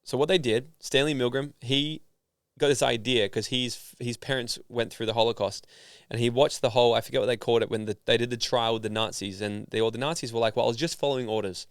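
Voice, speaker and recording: A man from Australia, a guest on an interview podcast, telling a story in a casual, animated way and acting out the voices of people in it. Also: medium pitch, brisk, hardly any pauses, smooth, no room sound, studio quality. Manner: animated, acts out voices in his stories. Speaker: guest, personal development founder.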